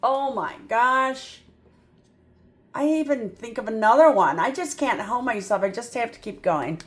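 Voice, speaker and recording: A woman's voice: fairly high pitch, a little slow. A middle-aged woman tutor teaching a phonics lesson at a board, chatty and thinking aloud as she works through examples. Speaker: reading tutor.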